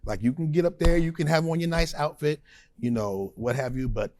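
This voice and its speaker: A man's voice: on the high side, a little fast, dry recording. A man being interviewed as a supporting vocalist, talking emphatically and animatedly and laughing easily. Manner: emphatic and animated, punctuating points with short stressed words. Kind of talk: conversational interview.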